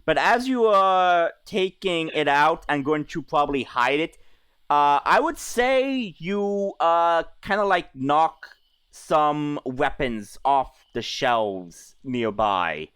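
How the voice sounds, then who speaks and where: A man's voice: fairly high pitch, lively intonation, slow pace, a bit bright, smooth, dry recording. A man running a tabletop game as game master, talking in a hesitant way with many fillers and restarts.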